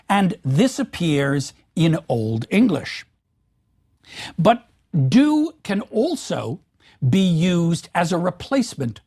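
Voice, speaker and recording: A man giving an academic lecture in a measured, emphatic way, speaking example sentences aloud. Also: high-pitched, a little mellow, slightly rough.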